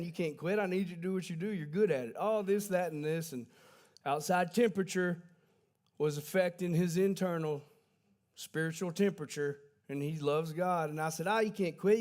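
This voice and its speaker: A man delivers a livestreamed church sermon as folksy, conversational storytelling. He stops to correct himself along the way. His voice sits somewhat high for a man. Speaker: pastor.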